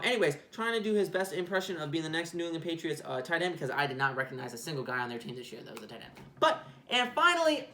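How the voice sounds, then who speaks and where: A man's voice: on the high side, a bit bright, roomy sound. A man hosting a casual sports video, rambling and swearing with lots of fillers. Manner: rambling, profane, with many fillers.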